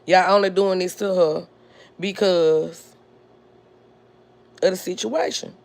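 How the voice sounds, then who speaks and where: A woman's voice: fairly low pitch, steady tone. A woman hosting a podcast, telling a personal family story in a blunt, indignant way. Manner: blunt, indignant, drawn-out delivery. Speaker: podcast host.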